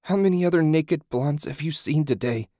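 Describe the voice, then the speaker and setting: A man's voice: mid-range voice, steady tone, normal speed, mellow, no echo, clean studio sound, pitched above the performer's own voice, lightly acted. A man voicing Julie, a bitter worn-out woman. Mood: sardonic. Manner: bitter, sarcastic, exhausted. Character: weary, sardonic young woman survivor. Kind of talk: audiobook character voice.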